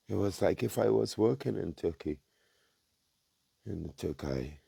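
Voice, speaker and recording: A man calling himself a prophet, praying and preaching intensely, repeating himself and swinging from hushed prayer to loud denunciation. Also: animated, slow pace, dry recording. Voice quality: very deep, gravelly and husky. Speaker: self-styled prophet.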